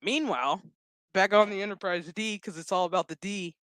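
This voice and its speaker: A man's voice: high-pitched, fairly quick, fairly bright tone, dry recording. A man giving a casual, profanity-laced spoken review of a TV series, chatty and laughing often. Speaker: show reviewer.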